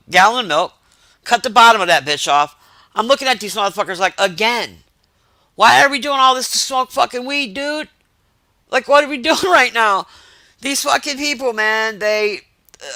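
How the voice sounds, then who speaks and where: A man telling profane, exasperated stories to his stream chat in a casual, animated rant. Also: high-pitched, no echo.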